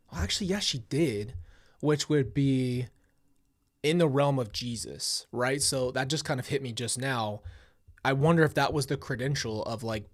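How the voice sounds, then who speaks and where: A chatty man hosts a casual reaction show at an average pitch. He drifts into tangents as he talks. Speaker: host.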